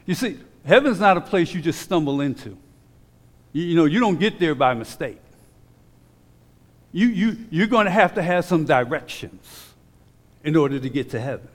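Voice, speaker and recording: A man preaching in a voice pitched a touch high, his words trailing off into a long hall reverb. He slows right down and leans on the scripture he reads. Between readings he drops into loose, stop-start asides to the people in front of him. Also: animated. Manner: conversational asides with repeated restarts. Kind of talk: sermon.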